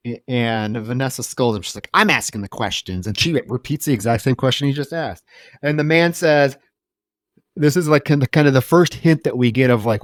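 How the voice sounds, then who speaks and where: A man's voice: mid-range voice, a little mellow, no room sound. A man co-hosting a movie podcast, wryly recapping the plot in casual chat. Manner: wry, recapping plot at length. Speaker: podcast co-host.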